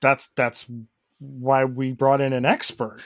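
A man's voice: medium pitch, completely flat delivery, slow, vocal fry, no room sound, studio quality. A man co-hosting a casual podcast who laughs often and drops in brief remarks. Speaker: podcast co-host.

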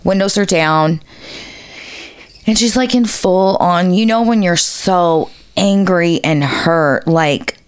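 A woman's voice: lowish voice, takes it slowly, clean tone, dry recording. A woman co-hosting a podcast, telling a story in a casual, profane way with lots of fillers. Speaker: podcast co-host.

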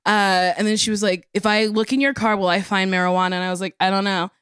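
Casual podcast guest: woman in her thirties, smooth clear voice, mid pitch, lively story delivery, dry close mic. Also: fast talker, no echo. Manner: animated, acts out quotes in a higher voice. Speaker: comedian guest.

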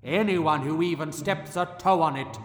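A man voicing a huge, grisly, goat-eating male troll in a storybook, booming slowly and shouting. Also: reverberant, long reverb tail, faint music behind, close to an everyday voice.

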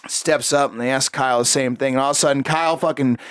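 A man telling a story in casual, profane chat, animated and swearing often. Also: medium pitch, quick pace, slight background noise.

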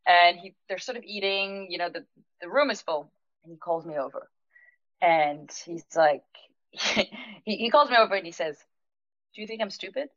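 Lively woman recounting a story, low voice. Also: normal speed, dry recording, highs cut off. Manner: lively, laughs often, acts out quoted dialogue. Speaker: restaurant owner telling a story. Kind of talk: anecdotal storytelling on a podcast.

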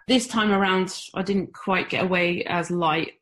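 A woman's voice: fairly low pitch, fairly even intonation, measured pace, fairly bright tone. A middle-aged woman from the UK, talking candidly as an interview guest, with self-deprecating humor. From United Kingdom. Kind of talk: conversational interview.

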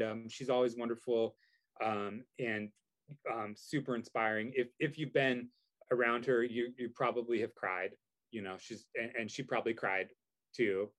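A man's voice: mid-range voice, fairly bright tone. A man telling a story in casual chat, rambling with many fillers and restarts. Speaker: guest.

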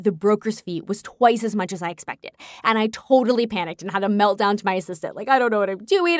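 A young adult woman hosting her own show, telling personal stories in a candid, animated way and acting out her own past thoughts. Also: mid-range voice, dry recording, studio quality. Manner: candid, animated storytelling with quoted inner thoughts. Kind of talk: casual personal monologue.

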